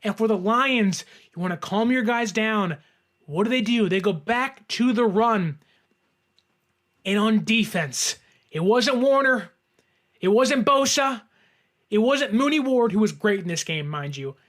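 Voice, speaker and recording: A man hosting a sports show, giving excitable, emphatic fan reaction commentary straight to viewers. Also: sits high, a little slow, pauses often.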